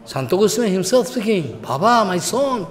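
High-voiced man telling a devotional story. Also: normal speed. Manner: animated storyteller, acts out quotes, often asks "Follow?"; non-native English with simple phrasing. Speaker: spiritual teacher. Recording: long hall reverb.

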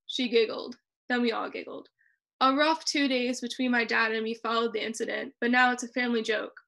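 A young woman reading her own personal essay aloud over a video call, in a measured and expressive way. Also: a little high, vocal fry. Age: young adult. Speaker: student reader.

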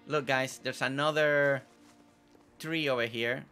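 A man whose first language isn't English chats his way through a game at a relaxed, everyday pitch. His voice sounds bright and forward. He repeats phrases, fumbles unfamiliar names, and keeps the commentary loose and conversational. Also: measured pace, soft background music. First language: not English. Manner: chatty, repeats words, stumbles over names. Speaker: gameplay video host. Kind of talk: casual gameplay commentary.

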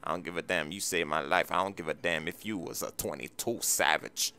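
A man's voice: low voice, fairly quick, bright, forceful tone, clear, resonant tone. A man talking suspiciously and teasing in slang during game roleplay.

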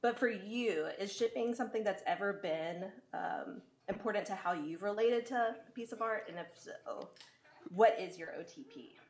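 A woman's voice: mid-range voice, normal speed. A woman from Louisiana, a podcast co-host calling in remotely to ask a playful question. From Louisiana, USA. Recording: echoey remote call audio.

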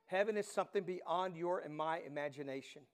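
A middle-aged man preaching a sermon as pastor, animated storytelling that swings from hushed to loud. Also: a little high, fairly quick, clean tone.

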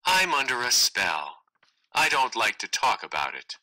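A man's voice: mid-range voice, wildly swooping pitch, a little slow, sharp tone, exaggerated voice, poor audio. A man voicing a clever, enchanted little female frog in a read-aloud play, wry and teasing. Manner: wry, teasing, matter-of-fact.

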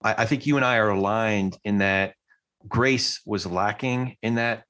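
A man's voice: on the low side, measured pace, a bit bright. A man hosting a podcast interview, speaking thoughtfully with some hesitant restarts. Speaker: podcast host.

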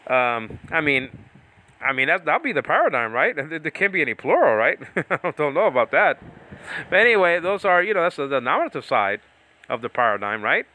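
Rambling man with a bright voice. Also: a little high, big pitch swings, fairly quick. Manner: rambling, self-interrupting, laughs often. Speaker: Bible Greek teacher. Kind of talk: casual teaching talk with tangents.

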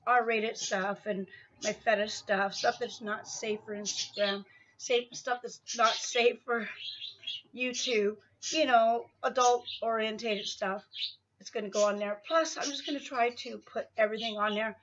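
A woman's voice: fairly high pitch, fairly even intonation, measured pace, fairly bright tone, lo-fi sound. Chatty woman, slightly out of breath. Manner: chatty and rambling, many fillers. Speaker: vlogger. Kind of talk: casual vlog update. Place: at home on an exercise bike.

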